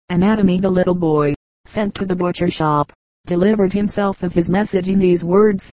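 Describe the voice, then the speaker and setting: A woman narrating humorous anecdotes for an audiobook in an even, measured way. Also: on the low side, no room sound, low-quality recording. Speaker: audiobook reader.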